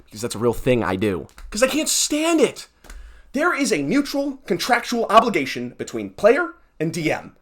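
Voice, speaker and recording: A young male podcast host rants alone to the mic, heated and exasperated. His pitch leaps around wildly from low grumbles to high squeaks. Sarcastic asides keep cutting into the tirade. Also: huge pitch swings, moderate pace, a bit bright. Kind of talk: ranting solo podcast.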